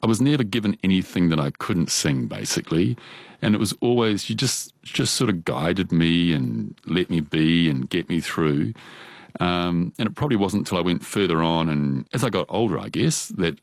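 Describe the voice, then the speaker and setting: Deep-voiced New Zealand man, chuckling storyteller. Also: normal speed, no echo. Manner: chatty, laughs often, animated quoting. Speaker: guest, opera singer. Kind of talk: relaxed storytelling.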